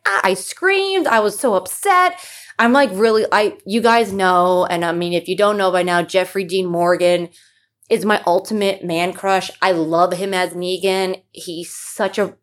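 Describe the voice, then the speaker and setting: A woman's voice: medium pitch, normal speed. A young woman hosting a solo podcast, chatting casually and gushing, with lots of fillers and asides. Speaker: podcast host.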